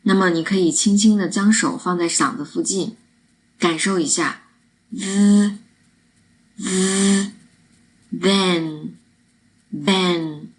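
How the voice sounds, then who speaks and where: A woman teaching pronunciation, explaining each step clearly and demonstrating the sounds. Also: fairly low pitch, normal speed.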